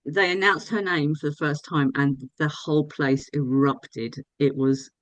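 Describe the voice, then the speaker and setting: A woman's voice: deep voice, steady tone, unhurried, dry recording, low-quality recording. A woman fan being interviewed, chatting enthusiastically about meeting an actress. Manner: enthusiastic, gushing. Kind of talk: casual interview chat.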